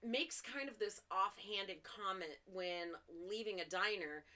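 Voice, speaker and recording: A young woman co-hosting a casual podcast chat, trading dark humor about killers and swearing casually, with lots of fillers. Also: mid-range voice, slow. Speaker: podcast co-host.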